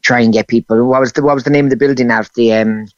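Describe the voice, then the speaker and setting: A man's voice: mid-range voice, fairly even intonation, quick pace, no echo. A man talks with eager enthusiasm, circling back and restarting his sentences. His voice sits in the middle range. The recording is dry and a little dull. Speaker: show performer, guest. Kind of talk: casual radio chat.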